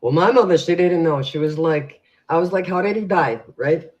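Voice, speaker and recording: A man's voice: a little high, moderate pace. A man co-hosting a casual advice show, telling rambling stories full of fillers. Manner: rambling storyteller, filler-heavy. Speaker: co-host. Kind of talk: casual podcast chat. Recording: dull lo-fi sound.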